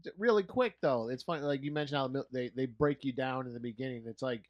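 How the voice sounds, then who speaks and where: A man co-hosting a casual podcast, retelling a film scene in a rambling, halting way. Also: mid-range voice, dull audio. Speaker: podcast co-host.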